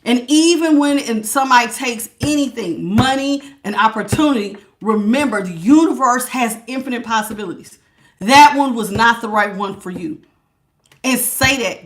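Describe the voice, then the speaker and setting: Bright-voiced woman preaching a tarot reading. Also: a little high, moderate pace. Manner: preachy, emphatic, repeats words for stress. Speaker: tarot reader. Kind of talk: live spiritual tarot reading.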